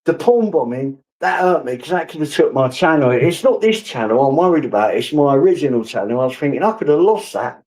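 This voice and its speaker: Male host, calm advice-giver, slightly raised voice. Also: fairly high pitch, fairly quick, few pauses, rough recording. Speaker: streamer host. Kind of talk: casual live-stream chat.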